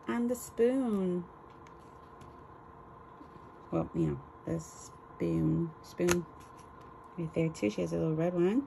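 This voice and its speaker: A woman's voice: lowish voice, slow, gravelly, pauses often, mellow, a little hiss or hum, poor audio. A woman chatting casually as she unboxes craft swap items on her vlog, gushing and exclaiming over each one. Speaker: crafting vlogger.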